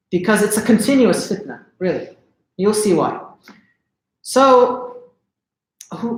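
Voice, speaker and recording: A man telling a religious story in a casual livestream lesson, chatty and often asking the audience questions. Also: high-pitched. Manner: conversational, asks the audience questions. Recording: roomy echo.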